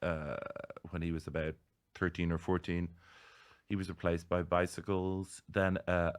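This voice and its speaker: An Irish man, a comedian guest on a podcast, telling stories in casual, animated chat. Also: low-pitched, a little slow, clean tone. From Ireland. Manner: animated storytelling with laughs.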